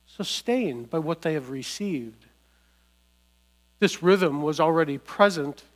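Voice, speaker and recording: A man delivering a sermon with a fairly high voice, pausing deliberately between short declarative phrases. He speaks slowly and steadily, and a faint electrical hum sits under the recording. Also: fairly bright tone. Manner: measured, declarative preaching with deliberate pauses. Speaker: pastor.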